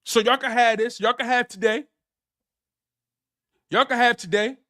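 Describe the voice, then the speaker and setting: Man, high pitched, bright tense voice, preachy sports rant, slang, repeats himself. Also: fairly even intonation, normal speed, no room sound, clean studio sound. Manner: preachy, repetitive, street slang. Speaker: sports show host. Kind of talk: animated live-stream sports rant.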